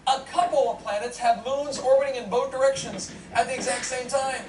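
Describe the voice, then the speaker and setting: A man giving a humorous lecture to an audience, animated and joking, often asking the crowd questions. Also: extremely high pitch, a little fast. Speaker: seminar speaker. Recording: echoey hall, distant mic, noisy.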